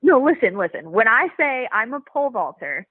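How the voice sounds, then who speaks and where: A woman in her twenties, a guest on a podcast, telling stories in a bubbly, animated way and laughing often. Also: on the high side, moderate pace, slightly rough, dry recording. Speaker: guest, Olympic pole vaulter. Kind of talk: casual interview over a phone line. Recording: tinny phone line.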